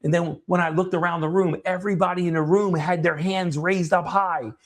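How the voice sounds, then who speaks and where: A man's voice: sits high, steady tone, fairly quick. A man, a coach hosting his own show, telling a story in a casual, earnest way with frequent restarts and the odd swear word. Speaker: coach and podcast host.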